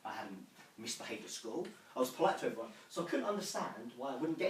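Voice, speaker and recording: A young man telling self-mocking comic stories to a small audience in a living room, animated and lively. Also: mid-range voice, fast, distant mic. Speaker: storyteller. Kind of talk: comic storytelling to a home audience. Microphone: far camera. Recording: roomy room from afar, faint noise.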